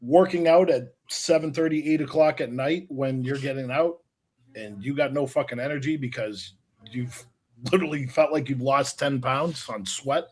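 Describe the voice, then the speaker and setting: A man's voice: mid-range voice, moderate pace, a little mellow. A man on a casual podcast, talking emphatically about hard work and swearing for stress. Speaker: podcast co-host.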